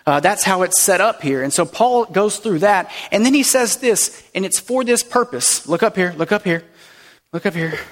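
A man's voice: sits high, lively intonation, moderate pace. A man pastor giving a sermon in a church, preaching in a playful, conversational way with light asides. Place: church sanctuary. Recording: long reverb in a large hall.

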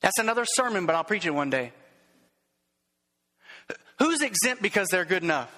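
Fervent high-voiced preaching man. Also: big pitch swings, normal speed, pushed and bright, long reverb tail. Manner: emphatic, fervent preaching with rhetorical questions and repeated words. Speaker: pastor. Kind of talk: sermon.

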